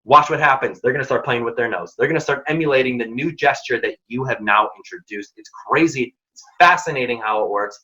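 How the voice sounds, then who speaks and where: A man's voice: mid-range voice, brisk, pushed and bright. A young man hosting a workshop, giving direct, emphatic career advice in casual words. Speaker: workshop host and mentoring program founder. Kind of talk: instructive talk with career tips. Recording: dull lo-fi audio.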